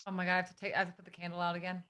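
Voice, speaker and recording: Bright-voiced chatty woman on a call. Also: fairly low pitch, monotone, rapid-fire. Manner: chatty, rambling storytelling. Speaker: class participant. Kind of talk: casual chat. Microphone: video call.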